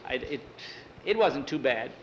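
A man voicing a modest young horse rider who talks plainly and a little haltingly. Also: medium pitch, lively intonation, dull audio, slight background noise, close to an everyday voice.

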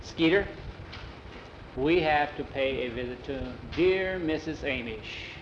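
A steady, sensible grown man, played by a storyteller in close to his own voice. He speaks plainly and calmly, with faint noise in the background. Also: fairly high pitch, slow pace, lo-fi sound.

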